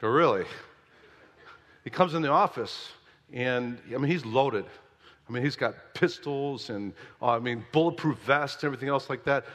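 A man preaching as pastor, telling a story in a lively, conversational way. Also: medium pitch, normal speed. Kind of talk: sermon. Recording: long hall reverb.

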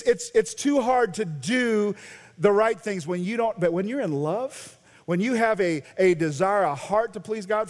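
An American man preaching a sermon as a pastor, animated, swinging between loud emphasis and quiet intensity. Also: sits high. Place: large church sanctuary. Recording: long church reverb.

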